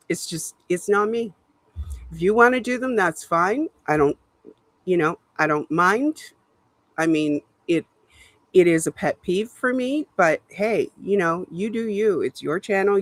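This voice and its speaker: A woman's voice: fairly low pitch, a bit bright, no echo. A woman from Canada hosting a casual live stream from a home setup, chatting and laughing often as she greets viewers by name. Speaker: livestream host. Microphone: laptop webcam mic.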